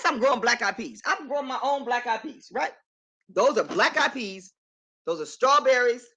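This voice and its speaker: A woman's voice: a little high, pushed and bright. A middle-aged woman on a casual live stream from her apartment, talking emphatically and affirming herself while greeting viewers by name.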